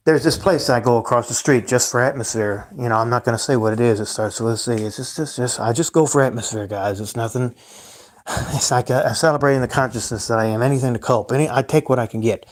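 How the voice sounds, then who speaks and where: A young man talks loosely on a solo livestream at a middling pitch. He rambles, sighs, swears freely and lets his sentences trail off. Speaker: livestream host.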